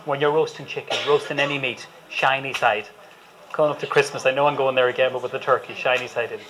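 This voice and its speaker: A man's voice: medium pitch, steady tone, fast talker, a bit bright, poor audio. A man with an Irish accent, a chef giving a chatty, enthusiastic live cooking demonstration to an audience and joking with them as he goes. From Ireland.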